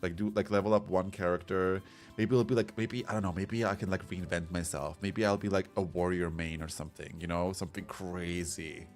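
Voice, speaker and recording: A man's voice: deep voice, fairly even intonation, a little fast. A man streaming a game, chatting casually and rambling as he reads chat comments aloud. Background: soft background music.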